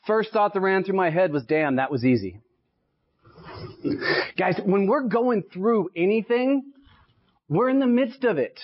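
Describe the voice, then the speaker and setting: A high-voiced Texan man in his late thirties, a sales speaker, fires up a live audience at an association meeting with a motivational talk. His style is punchy storytelling with constant "right?" check-ins. The live recording comes across dull and lo-fi.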